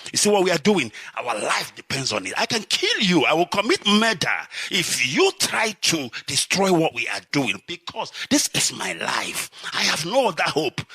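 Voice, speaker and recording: A middle-aged Nigerian man giving an impassioned live address, swinging from shouts to low, urgent warnings. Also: slightly rough, no room sound. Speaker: activist speaker.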